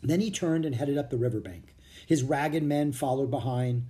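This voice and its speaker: A reader narrating a children's storybook aloud with an expressive delivery. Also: medium pitch, moderate pace. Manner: expressive, animated reading. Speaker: audiobook reader.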